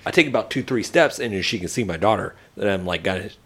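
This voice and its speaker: A man's voice: fairly low pitch, fast talker, breathy edge. A man in his thirties telling a story in casual podcast chat, acting out the people in it. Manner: animated storyteller acting out quoted voices. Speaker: podcast co-host.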